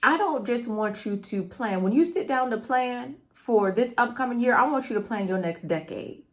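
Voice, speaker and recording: A woman's voice: a little high, animated, normal speed. A middle-aged woman coaching her viewers on mindset, talking straight to them in an emphatic, preachy way that keeps repeating phrases. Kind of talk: motivational talk to camera.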